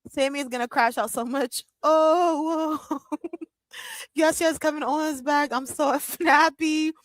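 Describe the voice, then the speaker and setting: A young woman hosting a live watch-along stream, giving excitable reaction commentary with squeals and bursts of laughter. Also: high-pitched, normal speed, dry recording. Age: young adult. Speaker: livestream watch-along host.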